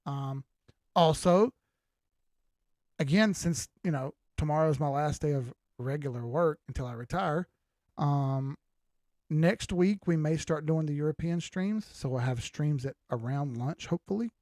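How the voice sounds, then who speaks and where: A man's voice: a little high, a little slow, a little mellow, no echo, studio quality. An older man hosting a crypto livestream, talking loosely and with profanity while reading out viewer comments. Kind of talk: casual livestream chat.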